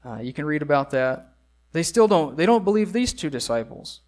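Earnest preaching man, higher-pitched voice. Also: big pitch swings, moderate pace, a little mellow. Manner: earnest preaching with emphatic repetitions and rhetorical questions. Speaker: pastor. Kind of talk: sermon.

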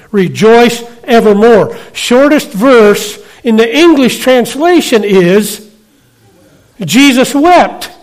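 High-voiced preacher, chatty with his flock. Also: darkish tone. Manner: conversational, asks the congregation quick questions. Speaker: pastor. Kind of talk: sermon.

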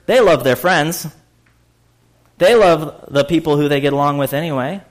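Slightly high-voiced man preaching. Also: normal speed. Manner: conversational preaching with fillers, laughs and sudden loud bursts. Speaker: pastor. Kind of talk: sermon.

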